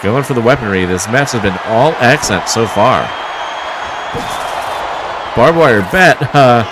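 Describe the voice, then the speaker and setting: A man's voice: medium pitch, lively intonation, unhurried, crowd noise, noisy background. A man calling a wrestling match play by play, with a wry, mocking manner and the odd chuckle. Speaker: wrestling commentator. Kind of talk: play-by-play commentary.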